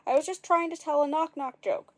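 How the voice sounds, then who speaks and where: A woman's voice: high-pitched, fairly even intonation, brisk, voice pushed up, lightly acted. A woman voicing a bored, mischievous shepherd boy. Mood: peevish.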